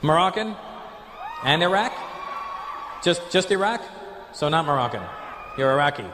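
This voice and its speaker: Stand-up comedian, male, slightly high voice, punchy crowd work, roomy hall with a loud audience. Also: animated, moderate pace. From Canada. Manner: loud, teasing, punchy delivery with comic voices. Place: large theater stage. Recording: echoey live venue with loud crowd noise.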